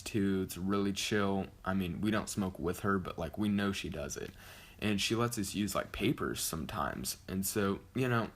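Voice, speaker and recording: Rambling low-voiced young man. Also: slightly rough. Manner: rambling, self-correcting, heavy use of "like". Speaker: vlogger. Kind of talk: casual storytelling.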